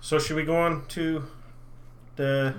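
A man's voice: on the high side, little pitch movement, slow pace. Joking middle-aged man on a podcast. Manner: joking, interjecting. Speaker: podcast co-host, quiz master. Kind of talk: casual chat.

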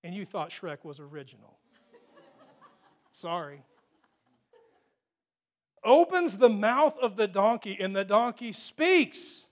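A man preaching a sermon, retelling a Bible story in an animated, joking storyteller's way. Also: sits high, slow pace, long pauses. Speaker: pastor.

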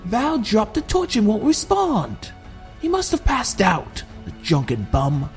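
A male narrator voicing a panicky male gate guard who shouts up at the tower in a much higher, strained voice. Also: huge pitch swings, a little slow, soft background music, full character voice. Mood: irritated.

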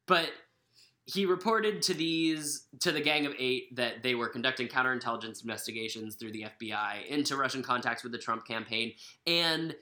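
Chatty young woman with a bright tone. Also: a bass voice, normal speed. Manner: chatty, rambling with fillers and self-corrections. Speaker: podcast co-host. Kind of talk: casual chat.

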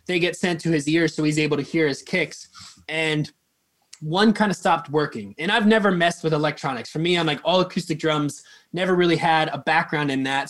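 A man's voice: a little high, a bit bright. A man working as a drum tech, telling a story in a casual, rambling way, full of fillers and swearing.

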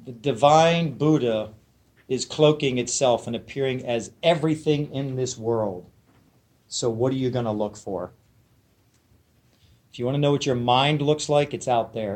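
Man, storytelling teacher, questions to the group, mid-pitched voice. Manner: storytelling, asks the listeners questions, acts out quotes. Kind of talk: spoken dharma talk to a small group.

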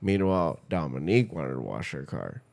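A man's voice: extremely low pitch, very animated, fairly quick, vocal fry, a little mellow. A young man co-hosting a casual podcast, telling rambling, profane stories and acting out quotes. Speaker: podcast co-host.

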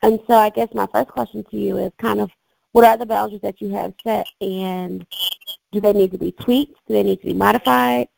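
A woman therapist calmly asking guiding questions in a casual podcast conversation. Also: mid-range voice, fairly quick, gravelly, no room sound, rough recording. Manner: calm, asks guiding questions. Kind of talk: casual advice chat.

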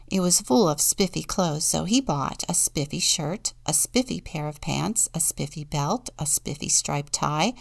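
A woman deacon reading a children's Bible story and a picture book aloud, in a gentle storytelling manner with soft whispered moments. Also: on the low side, vocal fry, no echo.

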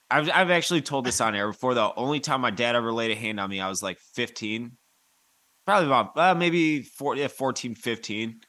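A man speaks in a middle register with a bright, forceful tone, telling blunt stories full of swearing. He co-hosts a relaxed podcast chat. The sound is dry and close. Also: medium pitch, fairly quick, dry recording. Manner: blunt, profane anecdotes. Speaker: podcast co-host. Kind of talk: casual chat.

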